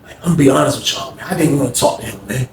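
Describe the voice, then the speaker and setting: A man from Norfolk, Virginia telling a story in casual slang, animated and constantly saying "man". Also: mid-range voice, rapid-fire. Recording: echoey room, faint noise.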